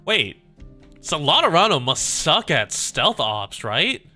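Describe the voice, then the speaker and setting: A young man reading a game story aloud on a stream and breaking off into playful, quick asides. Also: on the high side, sing-song, bright, forceful tone, soft background music.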